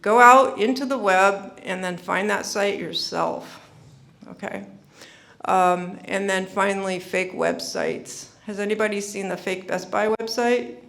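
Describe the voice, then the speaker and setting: A woman with a light gravelly edge talks to an audience in a plain, informal way. Her is easy, and she repeats warnings with earnest insistence, with plenty of ums along the way. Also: mid-range voice, unhurried, fairly bright tone. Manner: earnest, repeats herself, many fillers. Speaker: speaker at a senior scam-prevention summit. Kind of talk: informal presentation.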